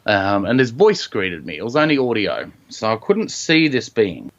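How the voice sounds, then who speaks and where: An Australian man telling a personal story as a podcast guest, reflective and halting, with frequent ums and restarts. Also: fairly low pitch, very animated, muffled recording.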